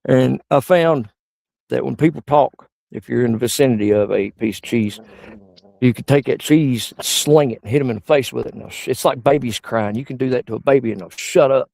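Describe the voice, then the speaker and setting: Gravelly man telling crude stories. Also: brisk, darkish tone, no echo. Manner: crude, rambling anecdotes with sudden high-pitched outbursts. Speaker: stand-up comedian. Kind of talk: stand-up storytelling.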